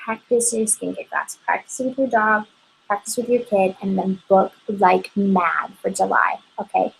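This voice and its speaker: A woman's voice: mid-range voice, steady tone, a little slow, creaky, a little hiss or hum, rough recording. A woman giving an upbeat, chatty motivational training talk to her sales team, often checking in with "okay?".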